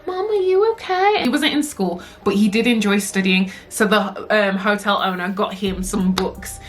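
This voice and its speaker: A young woman telling a story to camera, animated and slangy, swearing and acting out the characters. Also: medium pitch, normal speed. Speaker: vlogger. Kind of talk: story time chat.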